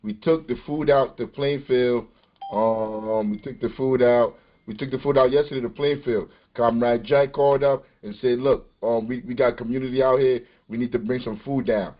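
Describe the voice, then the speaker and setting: A man's voice: medium pitch, steady tone, moderate pace. A man hosting a podcast, talking casually over video clips and repeating phrases for emphasis. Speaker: podcast host. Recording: dull lo-fi recording.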